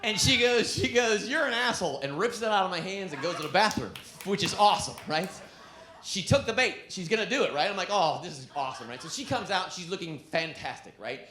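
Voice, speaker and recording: Animated man doing stand-up. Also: high voice, a little fast. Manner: animated storytelling, breaks into laughs. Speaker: stand-up comedian. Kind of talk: stand-up comedy set. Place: comedy club stage. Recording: echoey club with background noise.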